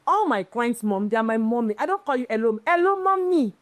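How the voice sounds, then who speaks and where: A woman's voice: on the high side, quick pace. A woman, an event planner being interviewed, telling stories emphatically. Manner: emphatic, animated storytelling. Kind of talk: casual interview chat.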